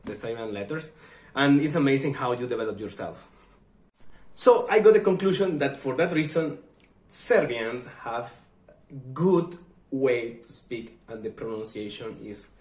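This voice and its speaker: A man's voice: mid-range voice, reverberant. A Spanish-speaking man from Mexico with a Mexican accent, chatting casually on his vlog and acting out funny little exchanges. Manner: animated, acts out funny quoted exchanges. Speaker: vlogger. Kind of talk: casual chat.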